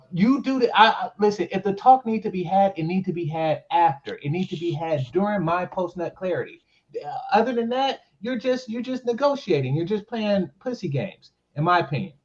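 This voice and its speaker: A man's voice: high voice, lo-fi sound. A man debating crudely and bluntly, in mock outrage, as co-host of a talk show.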